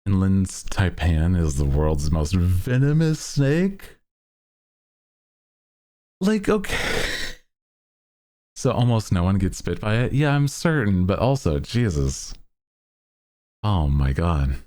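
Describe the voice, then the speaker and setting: Relaxed male streamer, low voice, slow drawl, chatty and rambling. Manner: laid-back, rambling with many fillers; bursts into loud laughter. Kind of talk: casual chat.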